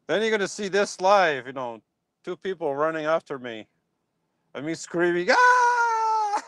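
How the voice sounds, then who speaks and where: Animated man chatting on a live stream. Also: fairly high pitch, moderate pace, smooth, dry recording. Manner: animated, talks back to chat comments. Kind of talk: casual live-stream chat. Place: outdoors in a yard at dusk. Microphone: phone.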